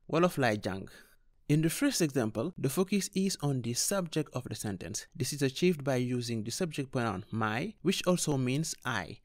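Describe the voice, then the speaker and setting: A man teaching a scripted beginner grammar lesson, explaining clearly and steadily with examples. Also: medium pitch, no room sound, studio quality. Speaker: language teacher.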